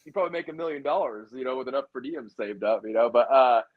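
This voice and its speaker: A male musician in a casual interview, telling a story in a rambling, animated way, full of fillers like "like" and "dude". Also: medium pitch, fast, narrow, tinny audio. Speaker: musician guest.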